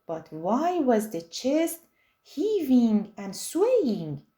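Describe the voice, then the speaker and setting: Slow, expressive woman reading a story. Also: fairly high pitch. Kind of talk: children's read-aloud narration.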